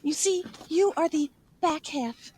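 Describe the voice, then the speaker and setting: A woman voicing a gentle, dreamy female puppet creature with an airy, soft manner. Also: high-pitched, unhurried, dry recording, studio quality.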